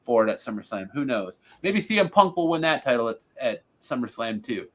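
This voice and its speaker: Podcast co-host, male, mid pitch, blunt sarcastic recapper. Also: very animated, a bit bright. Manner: blunt, sarcastic, rapid lists. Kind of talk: casual wrestling recap chat.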